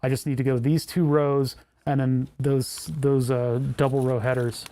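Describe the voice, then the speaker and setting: A man's voice: medium pitch, little pitch movement, normal speed, dark tone, a little hiss or hum. A man hosting a casual livestream, rambling and self-mocking as he thinks aloud while tinkering with electronics. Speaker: livestream host.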